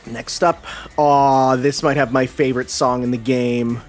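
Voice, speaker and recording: A man's voice: medium pitch, steady tone, a little slow, faint music behind. A young man chatting enthusiastically while commentating a video game, with lots of fillers. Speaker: host. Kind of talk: casual gameplay commentary.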